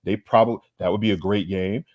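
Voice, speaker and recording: Guy ranting trash talk about football, lowish voice, dry close sound. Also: steady tone, fast, darkish tone, no room sound, muffled recording. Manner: brash, trash-talking, emphatic. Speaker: podcast co-host. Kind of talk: heated sports banter.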